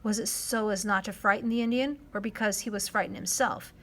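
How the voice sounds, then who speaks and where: A woman's voice: mid-range voice, fairly even intonation, fairly quick, a bit bright, slight background noise. Woman reading a children's novel aloud. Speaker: narrator.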